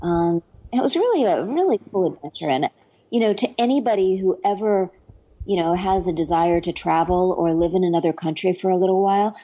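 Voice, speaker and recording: A woman's voice: fairly low pitch, expressive, fairly quick, dark tone, rough recording. A middle-aged woman, an actress and dialect coach, chatting eagerly in an interview with lots of fillers and restarts. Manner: enthusiastic, rambling, many fillers and restarts. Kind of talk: casual interview chat.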